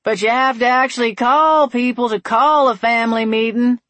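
A woman voicing a wry, patient man with a dry, steady, gently teasing manner. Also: mid-range voice, normal speed, dry recording, natural voice.

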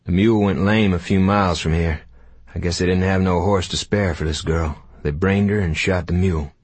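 A man's voice: low-pitched, steady tone, brisk, no echo. A man voicing a seasoned frontier scout who talks in a terse, matter-of-fact way. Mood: flat.

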